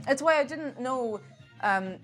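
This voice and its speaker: A young Irish woman talks in a lively, sing-song way on a casual live stream, her pitch sitting a little high. She rambles from thought to thought and laughs often. Faint music plays behind her. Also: a little slow.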